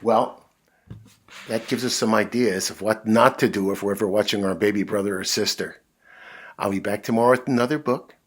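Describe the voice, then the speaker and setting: A man reading a children's picture book aloud, animated, with big voices and sound effects. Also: lowish voice, brisk, breathy edge. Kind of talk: read-aloud storytelling for kids.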